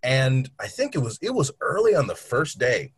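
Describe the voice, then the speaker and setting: A man on a casual podcast call who works for a knife company and tells animated anecdotes, acting out the people in them. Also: mid-range voice, moderate pace, husky, dry recording.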